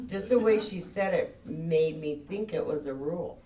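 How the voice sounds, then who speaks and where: A woman's voice: low-pitched, moderate pace, warm tone. A woman speaking at a recovery meeting, telling her story candidly and laughing at herself as she goes. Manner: candid and self-mocking, laughs often. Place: meeting room. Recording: distant mic with faint noise.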